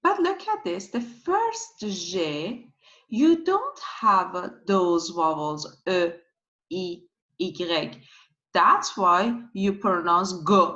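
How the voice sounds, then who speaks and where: A French-accented woman teaches pronunciation in a very slow, deliberate way, repeating each example word. Her voice is bright and her pitch moves a lot. The recording sounds dull and lo-fi. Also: very animated. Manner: repeats example words slowly and clearly.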